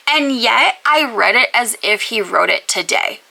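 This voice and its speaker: A book vlogger chats casually to the camera in a slightly high, expressive, creaky voice, gushing and packing her talk with "like." She talks at a moderate pace with barely any pauses and a sharp tone, sometimes dropping to a whisper for emphasis. The recording quality is low.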